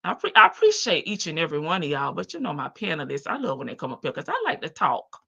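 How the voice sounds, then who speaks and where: With a gravelly, slightly rough, low-pitched voice, a Southern US woman hosts a live stream, chatting casually as she reads viewer comments. She's chatty and animated, stretching out her phrases Southern-style, and the audio has its highs cut off.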